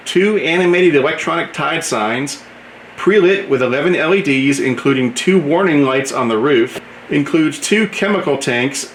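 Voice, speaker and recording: A man's voice: a little high, fairly bright tone. A man hosting a model train channel, chatting enthusiastically as he unboxes a product and describes each item he shows. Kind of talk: casual unboxing commentary. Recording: roomy echo, faint background hum.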